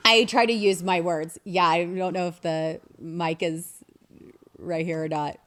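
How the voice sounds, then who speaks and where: Chatty, slightly low-voiced woman host. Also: steady tone, a little slow, a bit bright. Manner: chatty, laughs often, self-deprecating. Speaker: podcast host. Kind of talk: casual podcast chat.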